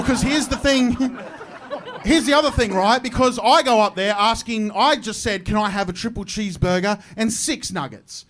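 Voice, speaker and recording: A man's voice: sits high, fairly bright tone, a little hiss or hum. An Australian man doing a stand-up comedy set, telling a self-deprecating story and acting out voices. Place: comedy club stage with live audience.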